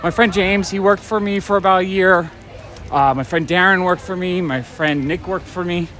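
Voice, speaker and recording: Speaking at a normal speed in a high-pitched, bright, forceful voice with a steady tone, a comic shop owner vlogger chats casually while walking and live-streaming. He rambles and gets slightly winded on the rainy city street at night, with some chatter behind him and faint traffic noise.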